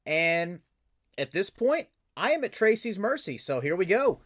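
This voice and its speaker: Brief: male podcast host and voice actor, eager, animated, slightly raised pitch. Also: measured pace. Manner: enthusiastic, animated storyteller. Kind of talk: casual interview chat.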